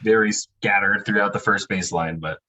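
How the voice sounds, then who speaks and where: A man guest on a sports podcast, talking in a relaxed, wry way with lots of fillers. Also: fairly low pitch, normal speed, rough recording. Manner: laid-back, wry, rambling with many fillers. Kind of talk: casual podcast chat.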